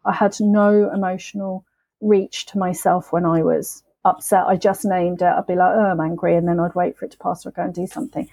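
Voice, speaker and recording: A woman on a podcast, telling her sobriety story in a candid, emotional, halting way. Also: on the low side, level tone, mellow, slightly rough, rough recording. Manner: emotional, halting, with frequent restarts and swearing.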